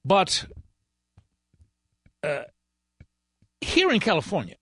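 A man in the fill-in host's chair of a talk radio show, ranting with sarcastic bite. His voice sits a little high for a man and swings widely up and down as he works himself up. The studio sound is close and dry. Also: wildly swooping pitch, takes it slowly, bright, forceful tone, breathy edge, dry recording. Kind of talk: political talk radio monologue.

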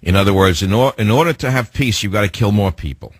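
Husky, scornful older radio host. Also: male voice, lowish voice, fast talker, dry recording. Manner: impassioned, scornful, ranting. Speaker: radio talk show host. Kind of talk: talk radio monologue. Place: radio studio.

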